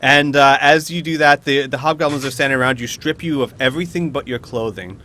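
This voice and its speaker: Man, game master, casual narration, bright timbre. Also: mid-range voice, brisk, dry recording. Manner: casual, with frequent uh fillers.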